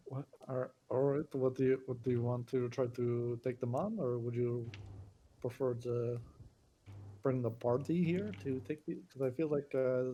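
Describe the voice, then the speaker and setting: A man at a tabletop game speaks in a cautious, hesitant way, padding his questions with fillers. His voice is mellow and dark, with faint noise behind him. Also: medium pitch. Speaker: player. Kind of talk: casual chat at a game table.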